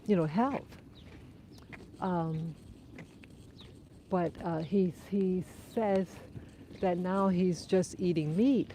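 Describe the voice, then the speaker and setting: A woman's voice: lowish voice, dark tone, slight background noise. A woman hosting a live stream on an outdoor dog walk, talking things over in a thoughtful, conversational way and answering viewers' comments, with a runny nose. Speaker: livestream host.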